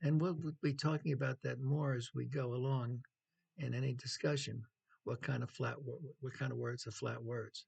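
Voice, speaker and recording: A man giving a measured classroom lecture on writing as the instructor, pausing often with ums and clearing his throat. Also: medium pitch, flat delivery, a little mellow.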